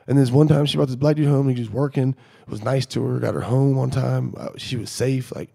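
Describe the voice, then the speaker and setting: A middle-aged man in a casual podcast chat, telling animated stories and acting out what people said. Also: medium pitch, a little fast, creaky, few pauses, husky. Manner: animated storyteller acting out quoted dialogue.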